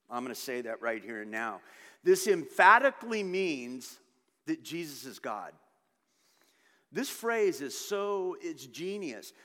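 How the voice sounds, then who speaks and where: Male pastor, high-ish voice, lively emphatic preaching, long hall reverb. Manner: animated, emphatic preaching with conversational asides. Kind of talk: sermon.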